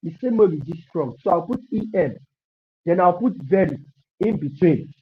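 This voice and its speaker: Male coding tutor, higher voice, repeats lines, cheers students on, muffled stream audio. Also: expressive, moderate pace. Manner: repetitive, encouraging, thinks aloud while typing. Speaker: coding instructor. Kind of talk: live online coding lesson.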